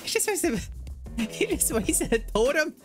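A man giving playful commentary while he plays, thinking aloud, getting excited and making silly sound effects. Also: extremely high pitch, unhurried, music in the background. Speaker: Minecraft video creator.

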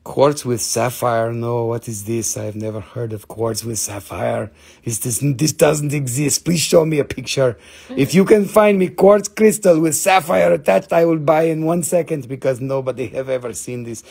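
A man's voice: medium pitch, normal speed, creaky, darkish tone, breathy edge. A man voicing a jokey, haggling gem dealer who speaks in broken English with teasing sales patter. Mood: playful haggling.

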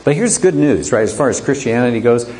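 A man's voice: medium pitch, animated, quick pace, darkish tone, slight background noise. A man teaching an apologetics class, lecturing conversationally and asking the students rhetorical questions.

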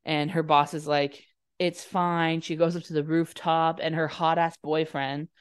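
Here a young woman co-hosting a podcast gives a giggly, chatty recap of a movie, slipping into the characters' voices now and then. She sounds smooth and low-pitched, with little pitch movement and a slightly slow pace.

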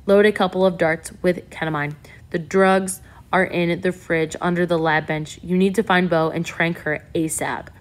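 A woman's voice: lowish voice, steady tone, normal speed, close to an everyday voice. A woman voicing a commanding, urgent male ship leader in an audiobook, speaking in clipped orders.

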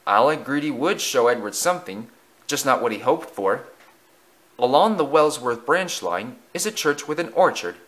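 Man reading a storybook with lively pitch. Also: moderate pace. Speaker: narrator. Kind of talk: storybook narration.

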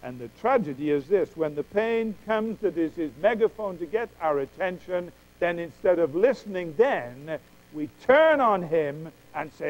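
Male preacher, sermon delivery, emphatic and dramatic, pitched high. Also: animated, dull audio. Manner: emphatic, dramatic pauses, quotes God's voice.

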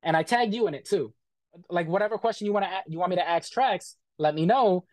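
A man's voice: sits high, quick pace, no room sound, studio quality. A man being interviewed, bluntly retelling a bad experience in casual, profane talk full of quoted back-and-forth.

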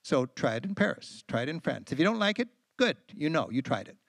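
Animated, gravelly-voiced American man storyteller. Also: fairly high pitch, brisk, no echo, studio quality. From United States. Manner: enthusiastic, animated storyteller with frequent fillers. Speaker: travel writer and guest speaker. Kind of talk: storytelling talk to an audience. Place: lecture event.

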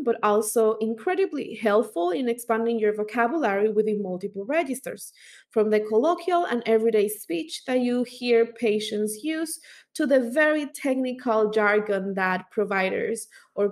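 Woman explaining step by step. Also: a little high. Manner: explanatory, with fillers and self-corrections. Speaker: language instructor. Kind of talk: instructional explainer.

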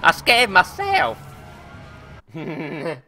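A young man streaming a game live, commentating excitably with frequent swearing and laughter into a desk or headset microphone. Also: a little high, drawn-out words. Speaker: gaming streamer.

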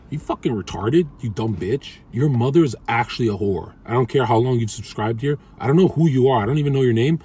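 A man's voice: mid-range voice, fairly quick, hardly any pauses, mellow, husky. A man streaming from his car, talking in brash, crude trash-talk to his chat. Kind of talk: casual livestream chat.

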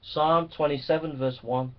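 A man delivers a fervent sermon, his somewhat high voice swelling into loud exhortation between scripture readings. The recording is dull and lo-fi, with the top end rolled off. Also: steady tone, measured pace. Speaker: preacher.

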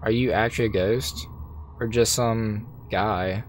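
A man voicing an anxious, haunted young woman cat in a video game, speaking in halting, shaken questions. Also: lowish voice, fairly even intonation, slight background noise, close to an everyday voice. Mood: rattled.

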